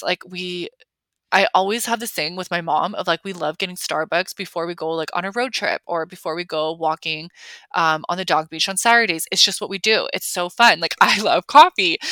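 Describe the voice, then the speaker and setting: Chatty young woman with a bright voice. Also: lowish voice, no echo. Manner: chatty, filler-heavy, emphatic. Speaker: podcast host. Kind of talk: casual confessional chat.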